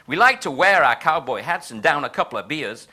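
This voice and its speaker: A man's voice: on the high side, sing-song, fairly quick, pushed and bright, exaggerated voice. A man reading verse in a put-on Texan accent as a boastful, triumphant president, with a folksy, swaggering delivery. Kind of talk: dramatic reading of translated verse.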